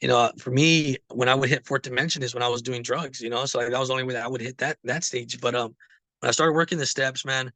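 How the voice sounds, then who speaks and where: Fast-talking man with a bright voice. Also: medium pitch, steady tone, no room sound. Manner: rambling, fillers like "you know" and "man". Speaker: recovering alcoholic sharing his story. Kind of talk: casual personal testimony.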